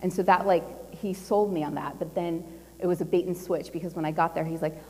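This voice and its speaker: A middle-aged woman giving a casual, animated talk at a conference, telling a personal story with a lot of fillers and laughter. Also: fairly low pitch, fairly quick. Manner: chatty and animated, laughing often, with lots of fillers. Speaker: conference speaker. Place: large conference hall. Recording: long hall reverb.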